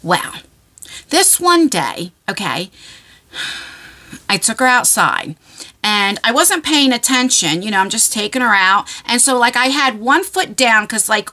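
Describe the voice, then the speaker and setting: Animated woman telling a rambling story. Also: a little high. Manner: rambling, animated, lots of fillers and "okay?". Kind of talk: casual storytelling.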